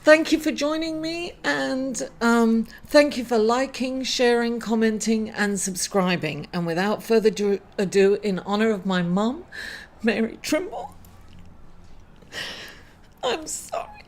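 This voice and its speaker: A middle-aged woman reading weekly horoscopes, emotional after a loss and halting, with many fillers and apologies. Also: on the high side. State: emotional, grieving. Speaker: astrology reader.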